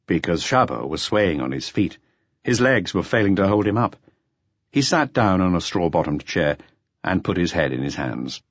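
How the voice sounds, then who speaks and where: Low-voiced man narrating a crime audiobook. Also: big pitch swings, a little fast, no echo. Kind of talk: scripted narration. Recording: slightly dull lo-fi audiobook recording.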